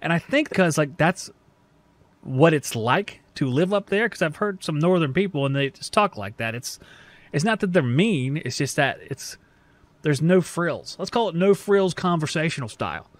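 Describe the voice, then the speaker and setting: A man from the American South talks through his podcast in a loose, joking, self-deprecating ramble. His voice sits a little high for a man. The sound is close and dry, with no room behind it. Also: expressive, normal speed, dry recording. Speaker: podcast host. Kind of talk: casual monologue.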